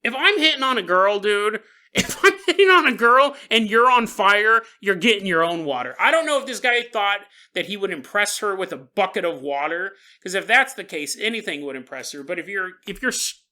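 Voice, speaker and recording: A man's voice: high-pitched, moderate pace. A man hosting a podcast who tells a strange story in a comic way. He laughs often and talks straight to the listener. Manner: animated, laughing, jokes to the listener. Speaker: podcast host. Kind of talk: comedic paranormal storytelling.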